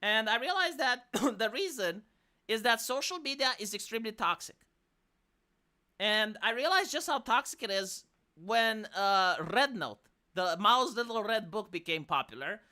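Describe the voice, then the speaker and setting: A woman's voice: on the high side, moderate pace. A woman with a Romanian accent, ranting in casual, profane commentary on a live stream. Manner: profane, exasperated, animated.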